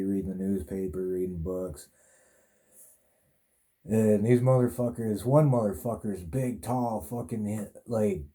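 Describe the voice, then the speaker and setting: A man with a dark, somewhat low voice hosts a podcast, telling a long, rambling personal story in a laid-back manner packed with swearing and filler words.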